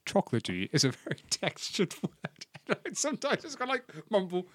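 A man's voice: high-pitched, wildly swooping pitch, fairly quick, no echo. Giggly rambling man. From England. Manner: giggly, rambling, self-mocking. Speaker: podcast co-host. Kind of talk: casual chat.

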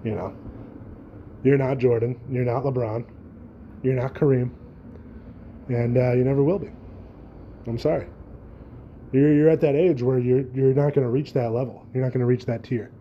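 A man's voice: mid-range voice, fairly even intonation, normal speed, long pauses, highs cut off, slight background noise. A young man hosting a solo podcast, rambling and joking casually with frequent swearing. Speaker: podcast host.

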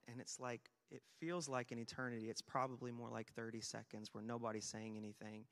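A young man preaching a sermon, telling self-deprecating stories with sudden loud bursts of emphasis. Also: fairly high pitch. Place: church sanctuary. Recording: long hall reverb.

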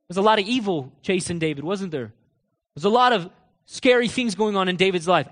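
A man preaching a sermon, jumping from loud emphatic declarations to quiet low asides and acting out quoted lines with rising fervor. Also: animated, fairly quick. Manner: acts out quoted voices and scripture with rising intensity. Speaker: pastor.

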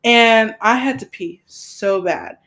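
Casual podcast co-host: a woman, giggly and rambling, voice a little high. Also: slow pace, fairly bright tone. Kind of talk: casual chat.

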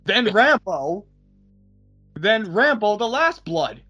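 A man co-hosting a podcast in casual chat, animated and sometimes trailing off to restart his thoughts. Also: high voice, slow, husky, lo-fi sound, soft background music. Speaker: podcast co-host.

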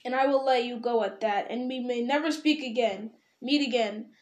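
A woman's voice: a little high, normal speed, roomy sound, close to an everyday voice. A woman reading aloud, voicing a proud, wrathful male dwarf king who raises his voice in anger. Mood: furious. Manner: loud, angry outbursts.

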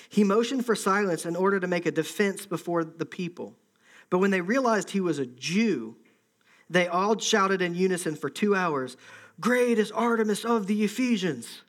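A man's voice: high-pitched, a bit bright. A man preaching a conversational sermon, acting out the voices of an angry crowd. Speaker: pastor.

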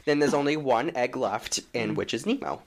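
A man's voice: medium pitch, lively intonation, moderate pace, gravelly, slight background noise. Easygoing man going through his notes. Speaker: podcast guest. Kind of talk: casual chat.

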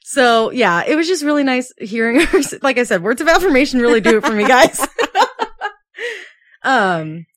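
A woman in her late twenties, chatting casually as a podcast co-host. She laughs often and acts out quotes in a higher voice. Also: lively intonation, normal speed, fairly bright tone, no room sound. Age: 20s. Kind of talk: casual chat.

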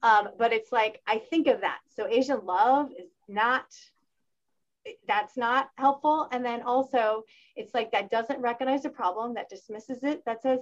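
A woman in a casual panel discussion, talking in an animated way and acting out the voices of people she quotes. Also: on the high side, unhurried, highs cut off. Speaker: panel guest.

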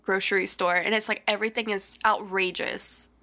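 A young woman co-hosting a podcast, gossiping casually, saying "like" constantly, with excitable gasps and squeals. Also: mid-range voice, normal speed. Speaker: podcast co-host.

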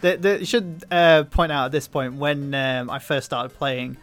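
Smooth-voiced man chatting on a podcast. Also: on the high side, measured pace, a bit bright, faint music behind. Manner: hesitant, many ums and restarts. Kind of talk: casual podcast chat.

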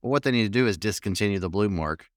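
A man's voice: fairly low pitch, fast, no echo, clean studio sound. A man co-hosting a podcast in casual chat, talking hesitantly with restarts. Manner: hesitant, restarts, laughs easily. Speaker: podcast co-host.

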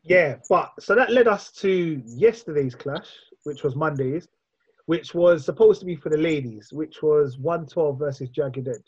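A man's voice: a little high, measured pace, husky, muffled recording. A young man hosting a casual chat, telling stories with lots of slang. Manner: animated storytelling, London slang. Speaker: podcast host.

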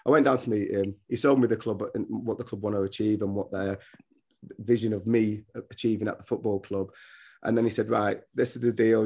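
A man's voice: lowish voice, mellow. A middle-aged man, a former footballer and coach, talking casually as a guest and telling rambling stories with many restarts. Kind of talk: casual podcast interview.

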